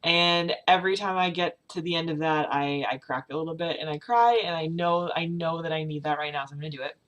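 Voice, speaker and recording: A young woman vlogging about her feelings, on the verge of tears, talking haltingly with many fillers and restarts. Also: deep voice, a bit bright, muffled recording. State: tearful, on the verge of crying. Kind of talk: personal confessional vlog.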